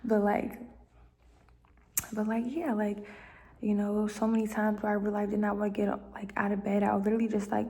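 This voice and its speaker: A woman's voice: medium pitch, little pitch movement, a little fast, long pauses, warm tone, a little hiss or hum. A young woman talking at home in a casual, heartfelt monologue, rambling with many fillers and dropping into near-whispers. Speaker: vlogger giving life advice.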